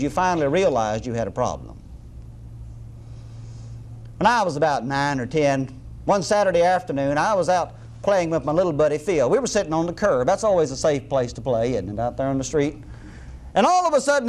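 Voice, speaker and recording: A middle-aged man delivers a folksy sermon full of humorous asides. His voice sits high and swings widely in pitch, so he sounds animated throughout. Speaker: preacher.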